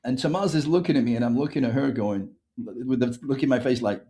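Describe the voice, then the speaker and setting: With a medium-pitched voice and a brisk pace, an English author guest on a podcast, speaking with an English accent, recounts a story. He brings it to life by acting out the dialogue.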